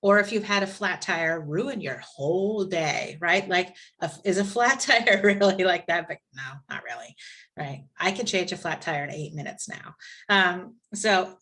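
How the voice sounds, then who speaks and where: A woman instructor leading a live online class, telling a scenario in a conversational, lively way over a video call. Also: lowish voice, measured pace. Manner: conversational, lively storytelling with asides.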